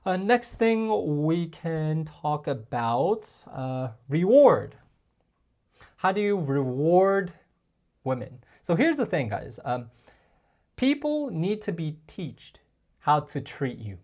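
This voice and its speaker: A man coaching male viewers on dating in a casual, chatty talk to camera, often calling them guys and filling pauses with like and um. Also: a little high, very animated, darkish tone. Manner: chatty, addresses viewers as guys, frequent fillers.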